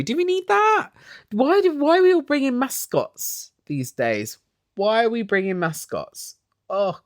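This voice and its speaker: A speaker ranting in a casual, gossipy style while recapping a reality TV episode, with exaggerated, animated reactions. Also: medium pitch, dry recording, studio quality.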